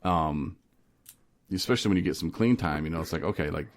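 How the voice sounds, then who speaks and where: A man hosting a casual podcast, telling stories with animated energy, laughing often and slipping into voices. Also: sits low, fairly quick. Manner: animated storyteller who laughs and slips into voices. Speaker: podcast host. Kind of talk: casual recovery podcast chat.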